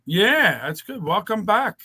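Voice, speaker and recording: Bright-voiced man reading chat aloud. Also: sits high, big pitch swings, slow, husky. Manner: reads chat comments aloud, joking, teasing. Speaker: co-host. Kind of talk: casual political chat show.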